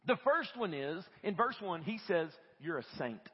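A man preaching a lively, conversational sermon in a church and acting out what people say. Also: sits high, moderate pace, husky. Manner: animated, conversational, acts out quoted voices. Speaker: guest preacher. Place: church sanctuary. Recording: dull lo-fi audio with long church reverb.

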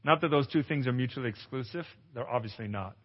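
A male pastor giving a testimonial sermon at a conference, an animated storyteller who acts out dialogue and exclaims loudly. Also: medium pitch, fast, slightly rough. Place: conference hall. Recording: echoey hall, dull lo-fi sound.

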